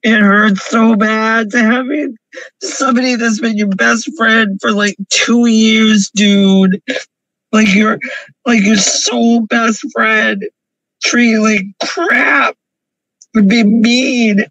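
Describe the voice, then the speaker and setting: A man's voice: sits high, steady tone, takes it slowly, a bit bright, no room sound, rough recording. A man crying through an emotional confessional vlog, pleading and repeating himself over and over from his parked car. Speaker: vlogger.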